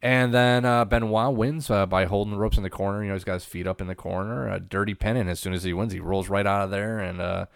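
A man co-hosting a casual wrestling recap podcast, relaxed and easygoing. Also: lowish voice, fast talker, vocal fry, few pauses, smooth, no room sound, studio quality. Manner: relaxed, easygoing, uses fillers like uh and um. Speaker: podcast co-host.

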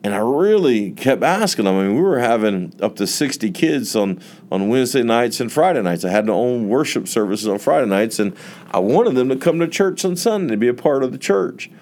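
A man's voice: medium pitch, expressive, a little mellow. A man, a pastor giving an earnest, emotional testimony in a sermon. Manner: earnest, emotional storytelling with drawn-out emphasis.

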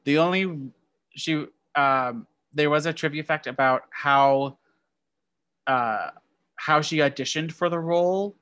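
A podcast co-host with a bright, forward voice, chatting through movie trivia on a dry, close mic. They ramble and stop to correct themselves mid-sentence. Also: medium pitch, slow pace, no room sound. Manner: rambling, self-correcting delivery. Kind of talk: casual movie-trivia chat.

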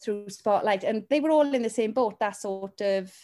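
A woman who works as a talent agent, chatting earnestly and quickly in a casual conversation. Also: mid-range voice, dark tone. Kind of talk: casual chat.

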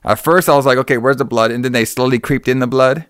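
A man's voice: medium pitch, fast talker, fairly bright tone, smooth, no echo, clean studio sound. Rambling, profane man recapping a movie. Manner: profane, rambling, acts out characters' lines. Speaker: podcast co-host recapping a movie. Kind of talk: casual chat.

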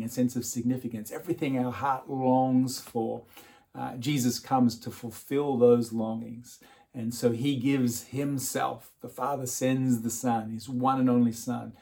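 A man's voice: medium pitch, gravelly, darkish tone. A man preaching an Easter sermon. He chuckles often and repeats words as he starts his phrases. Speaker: pastor.

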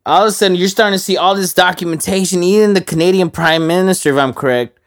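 A man's voice: high-pitched, quick pace. A man hosting a casual podcast, steering the banter with crude, laid-back humor. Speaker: podcast host.

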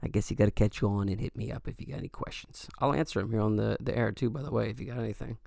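A man with a low, gravelly voice hosts a casual solo podcast. He rambles between heartfelt sincerity and offhand jokes, leaning on fillers. The sound is dry and close, with no room around it. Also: very fast, warm tone, dry recording. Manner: rambling, earnest and joking, lots of fillers. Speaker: podcast host.

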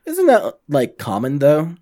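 A man from Virginia in casual podcast chat, talking earnestly and haltingly with many fillers. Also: fairly high pitch, huge pitch swings, warm tone. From northern Virginia, USA. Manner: earnest, halting, many "you know" fillers, swears when riled.

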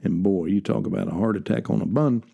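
A man's voice: low voice, fast talker, gravelly, mellow, husky. An older man talking casually in a folksy, rambling way, full of fillers and personal asides. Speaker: host. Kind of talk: casual spoken monologue. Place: lives in central Ohio.

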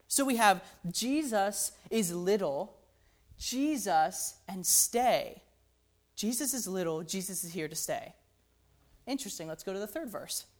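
A woman teaching how a hymn's melody works, talking conversationally, often checking in with "right?" and musing "interesting.". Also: mid-range voice. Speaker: music teacher.

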